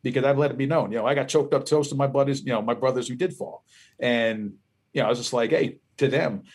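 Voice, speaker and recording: A man with a Philadelphia accent, a musician guest telling profane, animated stories in casual podcast conversation. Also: medium pitch, fast talker, breathy edge.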